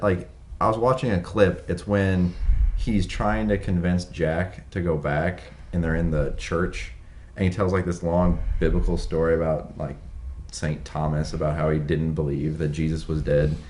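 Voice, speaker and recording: Deep-voiced man in a jokey podcast chat. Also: normal speed. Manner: animated storyteller, jumps into high-pitched put-on voices for jokes. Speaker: podcast co-host. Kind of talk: casual chat.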